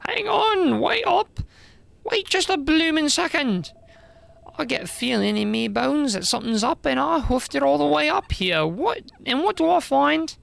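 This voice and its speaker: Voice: big pitch swings, moderate pace, vocal fry, dry recording, exaggerated voice. A streamer voicing a cheeky little fairy who chatters in heavy slang. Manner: chirpy, slang-heavy, high and bright.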